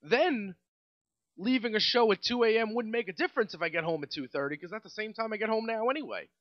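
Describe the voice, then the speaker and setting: Animated, rambling New York man. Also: sits high, fast talker, no echo, muffled recording. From Staten Island, New York. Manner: rambling and exasperated, with many restarts. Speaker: podcast host. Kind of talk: casual solo podcast rant.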